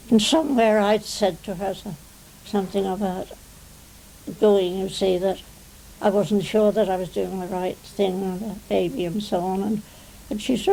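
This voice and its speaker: Slow gravelly English woman in her nineties. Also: medium pitch, fairly even intonation, dark tone, a little hiss or hum, low-quality recording. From England. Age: 90s. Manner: rambling, fond of "you see". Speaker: interviewee, retired stage actress. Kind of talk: reminiscing interview. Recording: 1990 television interview.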